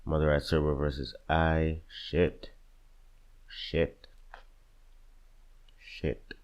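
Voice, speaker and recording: This young man's bass voice is darkish, flat, and very slow, with lo-fi sound. Building a music bracket in casual reaction commentary, he agonizes over song choices, swears a lot, and mutters to himself throughout.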